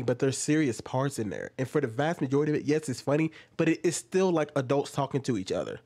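Animated, incredulous man commentator. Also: mid-range voice. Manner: animated and incredulous, rhetorical questions, mimicking asides. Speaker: commentator reacting to a video. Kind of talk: casual reaction commentary.

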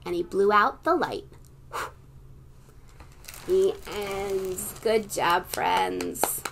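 A librarian reading a picture book aloud to young children and leading them in a game. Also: female voice, medium pitch, very animated, slow. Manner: warm, encouraging, talks to young kids.

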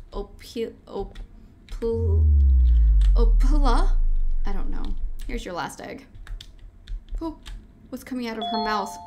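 Heavy background noise surrounds this mid-range female voice. She's a gaming video host working through a horror game, chatting at it along the way and shrieking in panic whenever something frightens her.

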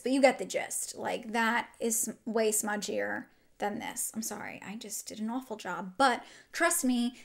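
A woman's voice: mid-range voice, creaky. A woman beauty vlogger chatting enthusiastically through a product review while she demonstrates makeup.

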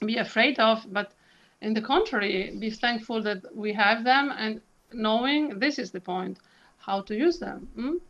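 Expressive soprano woman, muffled lo-fi sound. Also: on the high side, measured pace. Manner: expressive, laughs often, demonstrates sounds. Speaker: soprano and vocal coach, guest. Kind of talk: animated interview chat.

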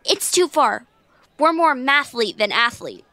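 A quick-witted girl adventurer who loves math puzzles in a family audio drama. Her voice is high, bright and lively. It is recorded dry and close. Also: no echo, full character voice. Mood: curious. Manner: quick-witted, problem-solving. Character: Molly, clever brainy girl adventurer.

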